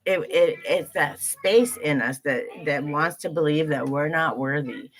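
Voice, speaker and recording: A woman's voice: sits low, measured pace. A woman hosting a live stream as an intuitive card reader, talking earnestly and emotionally, swearing casually and greeting viewers as they join. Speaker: livestream host, intuitive reader.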